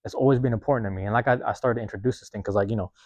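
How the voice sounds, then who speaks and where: Man, podcast host, rapid casual monologue, streetwise and profane, reflective, dry close sound. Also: fairly low pitch, steady tone, a little mellow, dry recording. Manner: profane, rambling, streetwise talk; self-reflective, keeps checking in with listeners.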